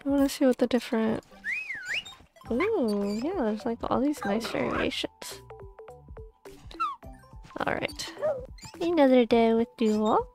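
A young woman streaming a pet game, gushing and cooing over the animals and often dropping into soft whispers. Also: on the high side, animated, slow, pauses often. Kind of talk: casual gaming stream chatter. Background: faint background music.

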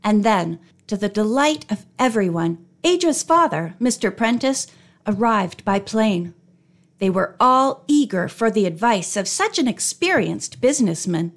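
A woman narrating an old mystery storybook in a clear, expressive reading voice. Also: medium pitch, a little slow. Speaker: audiobook narrator.

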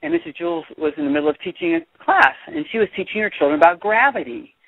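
A man reading a children's picture book aloud as a teacher, chatty and animated, stopping to explain. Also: high voice, quick pace, gravelly, no room sound. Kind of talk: read-aloud storytelling with commentary. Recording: dry, tinny phone-like sound.

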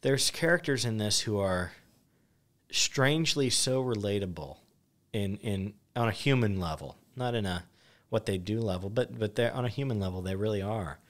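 A young man co-hosting a podcast, chatting casually about a film with many restarts. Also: fairly low pitch. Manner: halting, many restarts, then reads verse aloud. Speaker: podcast co-host.

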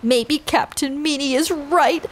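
Woman voicing a gentle downhearted pirate captain. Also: high-pitched, takes it slowly. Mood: dejected. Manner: gentle, downcast. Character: kind but sad male pirate captain.

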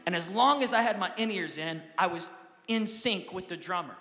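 A young man preaching a lively sermon as pastor, swinging from quiet asides to loud shouts. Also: sits high, normal speed, in a large hall, over loud music. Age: young adult.

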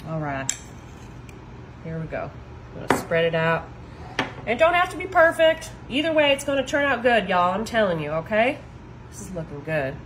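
A woman's voice: fairly high pitch, noisy background. A woman hosting a casual cooking demonstration, chatty and enthusiastic. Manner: chatty and enthusiastic, often saying "y'all". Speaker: cooking video host.

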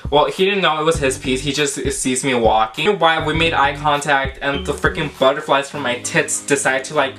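A man's voice: a little high, normal speed, few pauses, over music. A young man telling a storytime vlog in a sassy, dramatic, profane way, full of fillers. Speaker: vlogger.

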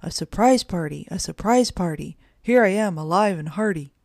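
A good-humored old bear grandfather who speaks in rhymes with a sing-song lilt, as a woman reads him. The voice sits low with a gravelly edge. It is recorded close and dry, like a storybook reading. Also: expressive, normal speed, darkish tone, no echo. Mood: jolly. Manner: rhyming sing-song speech.

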